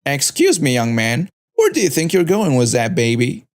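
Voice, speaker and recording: A man's voice: medium pitch, wildly swooping pitch, normal speed. A man voicing a hostile, accusing woman shopper who shrieks her accusations.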